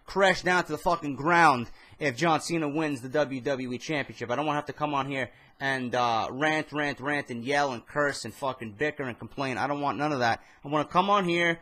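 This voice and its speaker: A man's voice: mid-range voice, brisk, hardly any pauses. A young man with a New York accent, tired after a few beers, ranting casually and profanely to camera at home late at night about wrestling. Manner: profane, animated, rambling. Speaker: wrestling vlogger. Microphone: camera mic.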